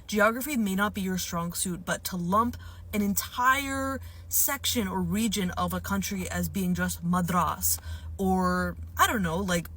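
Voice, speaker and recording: A woman's voice: mid-range voice, unhurried, a bit bright, slightly rough. A young woman from India speaking straight to her viewers, earnest and lecturing. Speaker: vlogger. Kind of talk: direct-to-camera commentary.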